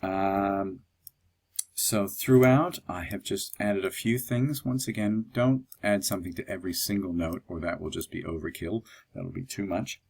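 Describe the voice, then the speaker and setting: A man teaching music notation in a calm, explanatory software tutorial, with a husky voice and the odd filler. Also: deep voice, moderate pace, few pauses.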